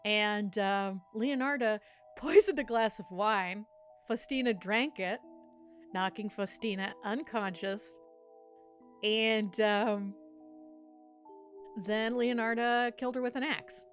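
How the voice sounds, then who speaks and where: A woman's voice: mid-range voice, takes it slowly, long pauses, faint music behind. A woman co-hosting a podcast, casually telling a true crime story with frequent laughter and a playful tone. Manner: animated, laughs often, tries a silly accent. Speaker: podcast co-host.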